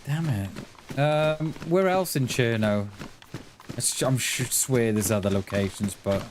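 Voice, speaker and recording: A man's voice: medium pitch, measured pace, noisy background. A man from the UK streaming a survival game, chatting casually and talking to himself as he plays. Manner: chatty, talks to himself while playing. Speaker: livestreamer. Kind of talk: casual gameplay commentary.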